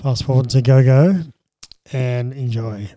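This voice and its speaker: A man co-hosting a casual film chat, relaxed and bantering. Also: mid-range voice, unhurried, no echo. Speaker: podcast co-host.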